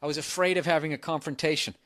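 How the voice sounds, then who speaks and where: A man's voice: fairly high pitch, steady tone, quick pace, fairly bright tone, no echo. A man hosting a podcast who gives crude, blunt advice in a rambling, profane rant into a close mic. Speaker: podcast host giving advice.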